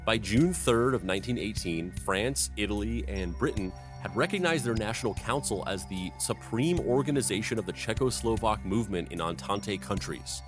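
A man's voice: lowish voice, expressive, normal speed, few pauses, music in the background. A man hosting a history podcast, narrating events and breaking off into silly riffs. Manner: reads history then riffs with silly tangents. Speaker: host and narrator.

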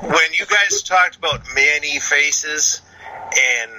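In a phone-line voicemail rant to a podcast, a Boston-area man in his thirties speaks slowly in a slightly high, pushed and bright voice. He's animated, profane and emphatic as he lists points, with slight background noise behind him.

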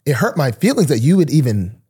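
Husky, lively young man telling a story. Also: brisk. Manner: animated, acts out quoted voices with big pitch jumps. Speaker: podcast host, pro football player. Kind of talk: casual storytelling chat.

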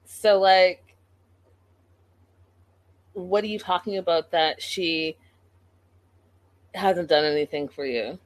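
A woman's voice: lowish voice, slow, long pauses, dry recording. Exasperated woman recapping a show. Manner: exasperated, incredulous, talks straight to the show's people. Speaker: reality TV recap commentator. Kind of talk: casual commentary recap.

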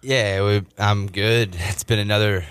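A man's voice: lowish voice, fairly even intonation, a little slow, fairly bright tone, clean tone, dry recording. A young man from Texas hosting a podcast, chatting casually with lots of fillers and restarts. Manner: laid-back, frequent fillers and restarts. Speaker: podcast host. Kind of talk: casual chat.

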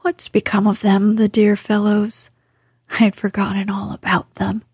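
Storybook toad, headstrong and contrite; woman reader, breathy near-whisper, dry close sound. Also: medium pitch, completely flat delivery, moderate pace, no room sound. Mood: airy. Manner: soft, breathy whispered reading. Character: boastful, repentant male toad, middle-aged gentleman.

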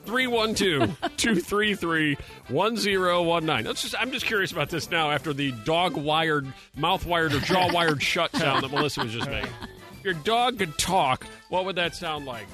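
A man's voice: on the high side, lively intonation, pushed and bright, faint music behind. A man hosting a morning radio show, bantering playfully with co-hosts and callers. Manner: playful, quick with jokes.

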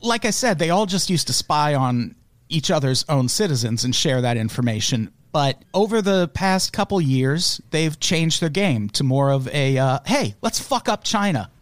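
A man's voice: on the high side, animated, moderate pace, dry recording. Podcast host, male, dry sarcastic delivery, swears freely, close dry mic. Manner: sarcastic, profane, laughs mid-sentence. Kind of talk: casual comedic news chat.

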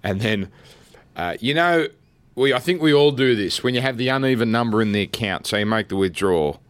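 An Australian man co-hosting a sports show, telling stories in a lively casual chat. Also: fairly quick, dry recording. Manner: animated storyteller, jumps high when excited. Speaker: radio sports co-host.

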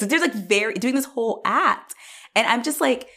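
A woman's voice: a little high, fast talker. A young woman in casual chat about a film, swearing freely, laughing often and acting out lines from scenes. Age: young adult. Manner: swears freely, laughs often, acts out quotes in animated voices.

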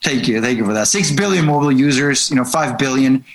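A man's voice: medium pitch, quick pace, rough recording. A man who is a marketing consultant, explaining his approach earnestly in a casual interview, repeating words and using many fillers.

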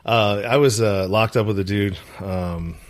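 A man's voice: on the low side, fairly even intonation, a little slow. A man talking casually and bluntly about his past, often restarting his sentences. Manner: laid-back, blunt, with frequent restarts. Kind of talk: casual conversation.

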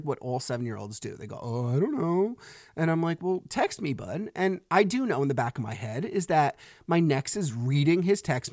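A man in his thirties speaks on his own podcast in a middle-pitched voice, recorded close and dry. He tells the story loosely and conversationally, and a frustrated edge runs through it. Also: dry recording. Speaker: podcast host. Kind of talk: solo podcast monologue.

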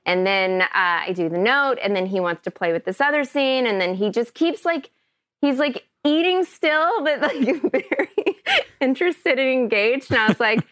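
A woman from Kentucky, an actress guest on a podcast, telling a story in an animated, chatty way. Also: high voice, normal speed, dry recording. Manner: chatty, animated, often laughing.

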